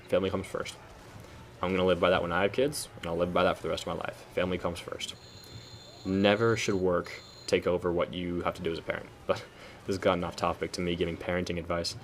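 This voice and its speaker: A man's voice: low-pitched, little pitch movement, fast, a little hiss or hum. A young man giving a rambling, preachy spoken commentary, often correcting himself mid-sentence. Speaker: video commentator.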